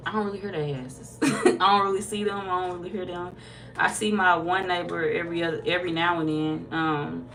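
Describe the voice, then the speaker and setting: A woman tarot reader casually chatting with viewers on a livestream, reading their comments aloud, laid-back and quick to laugh. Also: low-pitched, creaky, fairly bright tone, a little hiss or hum.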